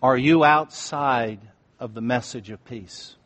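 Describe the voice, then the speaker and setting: Brief: male preacher, unhurried sermon delivery, loud-to-hushed swings, long echo of a large sanctuary. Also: mid-range voice. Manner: swings from loud declarations to near-hushed, solemn asides. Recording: long reverb of a large hall.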